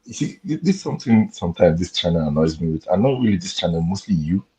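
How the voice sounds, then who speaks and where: Deep husky Nigerian-born man, hesitant. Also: animated, fast talker, warm tone, low-quality recording. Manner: hesitant, with many fillers and restarts; keeping his voice down at night. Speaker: panelist. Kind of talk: casual chat. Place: home at night.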